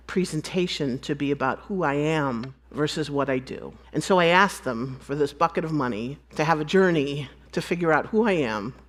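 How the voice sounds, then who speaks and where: A woman from the United States giving a storytelling conference talk, acting out bits of dialogue and laughing often. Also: sits low. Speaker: conference speaker.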